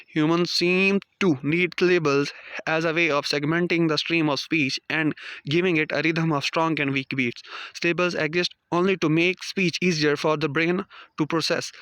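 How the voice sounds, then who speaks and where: Guy lecturing from notes, bright crisp voice, dry close sound. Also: on the high side, no room sound. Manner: reads out numbered points, non-native phrasing. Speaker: teacher. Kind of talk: read-aloud lecture.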